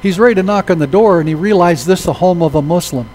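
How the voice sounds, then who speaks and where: Animated preaching man, somewhat high voice. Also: fast talker, slight background noise, poor audio. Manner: animated, acts out quoted voices in stories. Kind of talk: sermon storytelling.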